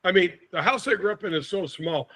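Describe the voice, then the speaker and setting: Man in his 60s spinning a story, bright forceful voice, kinda high, chuckles a lot. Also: a little fast. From St. Louis, USA. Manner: lively storyteller, acts out quotes, chuckles often. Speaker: podcast guest. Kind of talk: animated anecdote telling.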